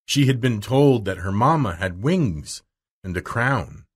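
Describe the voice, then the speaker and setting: Male narrator, husky voice, animated storybook reading for learners. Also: fairly low pitch. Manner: slow, clear, expressive.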